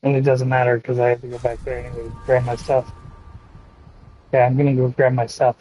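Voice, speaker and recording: Slow-talking laid-back man streaming. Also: mid-range voice, flat delivery, dark tone, faint music behind, poor audio. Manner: slow, laid-back, profane banter with chat. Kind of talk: casual gaming stream chat.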